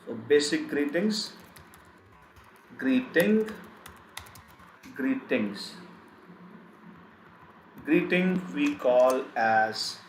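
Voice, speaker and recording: A man teaching a live online German lesson, speaking slowly and repeating each word several times. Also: medium pitch, expressive. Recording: echoey room, faint background noise.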